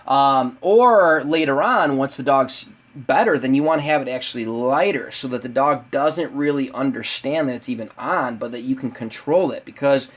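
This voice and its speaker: A man teaching a dog training webinar in a casual way, talking straight to viewers with many fillers and restarts. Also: normal speed. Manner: acts out lively owner voices in high pitch.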